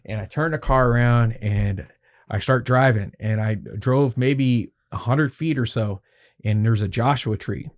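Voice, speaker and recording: A man of ordinary pitch spins a long yarn as a podcast guest. He swears freely and slips into the voices of the people in his story, telling it in a loose, casual way. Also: measured pace. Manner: animated, profanity-laced, acts out quoted dialogue.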